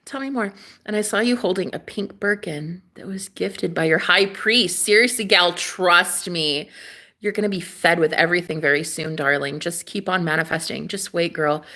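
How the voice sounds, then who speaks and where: A woman chatting casually on a live stream, dramatic and gushing, swinging from loud exclamations to hushed asides. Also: fairly low pitch, normal speed.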